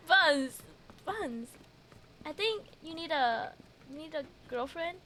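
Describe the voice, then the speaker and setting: Woman, game streamer, casual commentary, giggly, slow unhurried delivery. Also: high-pitched, animated, pushed and bright, slight background noise. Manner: giggly, chatting to viewers while playing.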